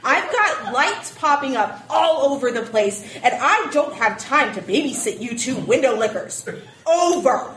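A woman's voice: medium pitch, expressive, unhurried, close to an everyday voice. A woman voicing a short-tempered female radio dispatcher who barks insults in a screeching voice. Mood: furious. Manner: barking insults in bursts. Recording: echoey far-off room with faint noise.

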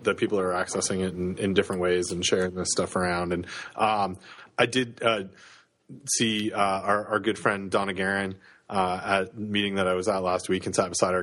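A man's voice: lowish voice, fairly bright tone. A man in his thirties with a Canadian accent, co-hosting a podcast in casual chat, with many fillers and restarts. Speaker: podcast co-host.

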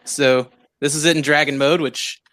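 Bright-voiced man rambling with fillers. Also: on the high side, steady tone, moderate pace, a little hiss or hum. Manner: laughing, rambling, with many fillers. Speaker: podcast host. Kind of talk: casual chat.

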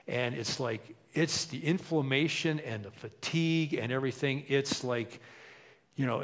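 A man preaching a sermon in a conversational way, asking rhetorical questions and dropping his voice low for emphasis. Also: fairly bright tone. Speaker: pastor.

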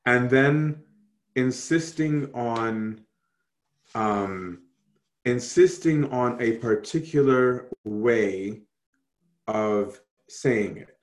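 A man's voice: mid-range voice, very slow. A man teaching an Orthodox Christian class over a video call, talking casually and asking many rhetorical questions.

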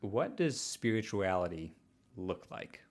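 A woman hosting a casual podcast, with an Arkansas accent, whose laughs come out in little squeaks and who trails off softly. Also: big pitch swings, measured pace, noisy background. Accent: Northwest Arkansas. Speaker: podcast host.

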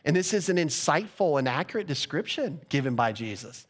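A man's voice: a little high, big pitch swings, brisk. A male pastor delivering a sermon in a conversational style, asking the congregation rhetorical questions.

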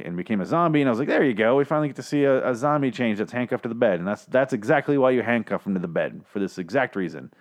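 A man hosting a show that recaps TV episodes, talking casually in a profane, exasperated and sarcastic way from a home studio. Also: on the low side. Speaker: TV recap podcast host.

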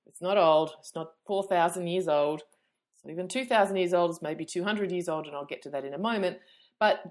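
Middle-aged woman, casual podcast host, low-ish voice, chatty and self-deprecating. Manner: chatty, rambling, self-mocking with many fillers. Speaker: podcast host and yoga teacher.

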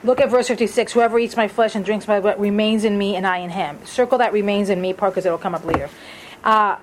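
A woman's voice: mid-range voice, fairly even intonation, fast talker, background noise. A woman leading a Bible study in a conversational way, asking the group questions as she reads through verses. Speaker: Bible teacher.

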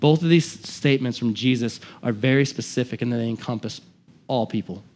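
A man preaching a sermon as pastor, impassioned, swinging from loud emphatic lines to quiet asides. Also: mid-range voice, a little fast, a little hiss or hum.

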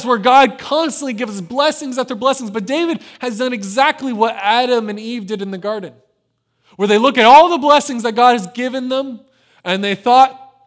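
A man preaching a sermon and retelling a scripture story, swinging between lively emphasis and hushed, low passages. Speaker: pastor.

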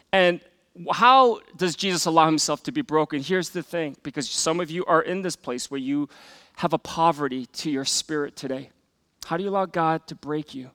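A man preaching a sermon as a pastor, earnest, rising for emphatic scripture readings and dropping to soft, hushed asides. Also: on the high side.

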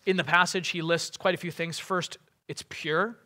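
Bright, casual-toned man preaching. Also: on the high side, steady tone, moderate pace. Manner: casual asides with many fillers. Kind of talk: sermon.

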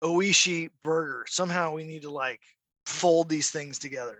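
A man chatting as a podcast guest, telling animated stories and mimicking barking dogs. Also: on the high side, moderate pace, no room sound. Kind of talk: casual chat.

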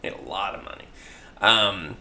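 A young man talks in a loose, profane, rambling way, leaning on "like" and acting out quoted lines. His voice sits a little low but has a bright, forceful edge. The room around him is echoey. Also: normal speed. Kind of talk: casual chat pitching a comic story.

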